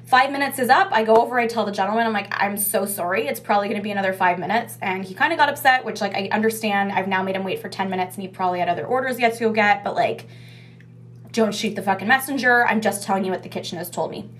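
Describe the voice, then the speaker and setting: A woman's voice: mid-range voice, fast, fairly bright tone. A young woman telling a casual story about her restaurant takeout job. She swears freely and says "like" a lot. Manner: chatty, swears freely, heavy use of "like".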